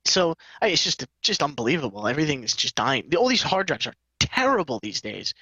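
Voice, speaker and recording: A man's voice: fairly high pitch, big pitch swings, fairly quick, pushed and bright, husky, no room sound, highs cut off. A man co-hosting a podcast, rambling through a story in casual chat, acting out quotes and laughing often. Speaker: podcast co-host.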